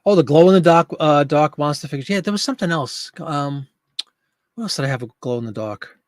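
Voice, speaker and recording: A man's voice: on the high side, expressive, fairly quick, dry recording, clean studio sound. A man in his fifties hosting a live listing stream, chatting casually, joking and talking to viewers in chat.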